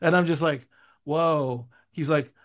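Animated rambling man telling a story. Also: on the high side, moderate pace. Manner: animated rambling storytelling, many fillers and restarts. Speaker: guest storyteller and writer. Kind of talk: casual podcast chat.

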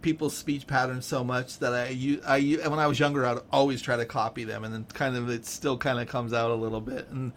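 A man from San Francisco with a Californian accent, chatting casually in an animated, rambling way and laughing often. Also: mid-range voice, a little fast, few pauses, slight background noise. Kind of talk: casual chat.

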